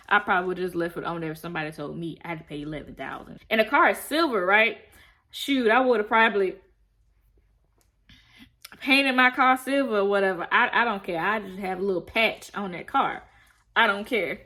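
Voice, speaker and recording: A woman in a casual, animated recap of a TV show, telling it in a slangy, chatty way. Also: medium pitch, fairly quick. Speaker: TV show reviewer.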